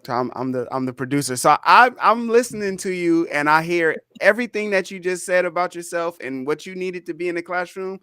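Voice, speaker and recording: Halting, laughing man producer. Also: high voice, pushed and bright, clean tone. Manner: halting, laughing, stumbling restarts. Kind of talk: casual chat.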